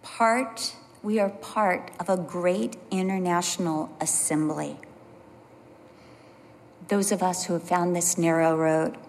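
A woman preaching a sermon, telling personal stories in an animated way and dropping to a low, soft voice for emphasis. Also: slow pace, slight background noise. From California. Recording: long hall reverb.

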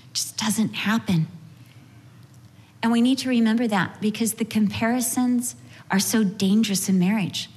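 A woman giving an earnest, storytelling talk on marriage, with touches of gentle humor, in sermon style. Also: medium pitch, big-room sound. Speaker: speaker at a marriage session. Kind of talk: sermon-style teaching with anecdotes.

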